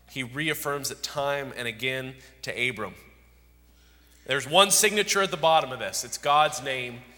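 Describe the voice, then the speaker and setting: A man's voice: medium pitch, pushed and bright, long reverb tail. A man preaching an expository sermon, emphatic and repeating key words for stress.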